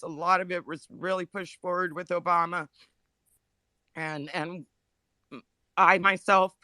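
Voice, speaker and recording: A woman speaking emotionally in a live audio chat room, halting and apologetic, close to tears. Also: lowish voice, bright, forceful tone, dry recording. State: upset, near tears. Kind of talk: emotional personal testimony.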